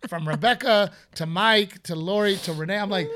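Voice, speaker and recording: A man co-hosting a podcast in casual chat, a joking, animated storyteller who swears freely. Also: sits high, moderate pace, hardly any pauses. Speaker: podcast co-host.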